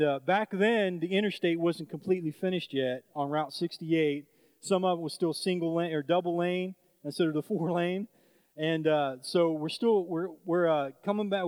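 A man with a high voice tells a story from the pulpit in a loose, conversational way, full of fillers and restarts. The recording is dry and close. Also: darkish tone, smooth, no echo. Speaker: preacher. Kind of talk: sermon storytelling.

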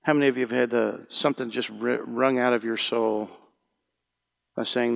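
A man preaching a sermon as pastor, shifting from hushed prayer to loud fervent calls to the congregation. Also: medium pitch, fairly even intonation, moderate pace, gravelly.

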